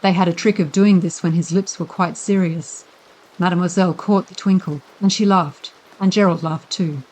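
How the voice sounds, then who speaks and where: A woman narrating a classic children's novel as calm bedtime audiobook reading. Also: lowish voice, moderate pace, low-quality recording.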